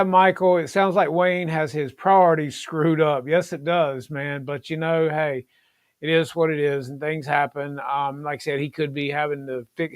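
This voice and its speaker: A man's voice: a little high, a bit bright, clean tone, no echo. A middle-aged man hosts a casual livestream, talking in an earnest, rambling way full of fillers. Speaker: livestream host.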